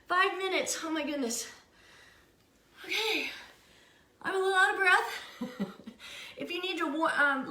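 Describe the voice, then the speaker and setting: A woman's voice: high-pitched, pushed and bright. An older woman leading a home workout, upbeat and encouraging, often laughing between counts. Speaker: fitness instructor. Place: room at home. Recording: echoey room.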